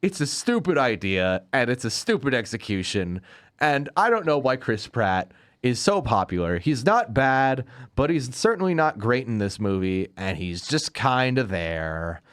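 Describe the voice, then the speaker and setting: A podcast host chats casually about movies, ranting sarcastically and laughing often in a lively, animated way. His voice is medium-pitched and clean, and he takes his time.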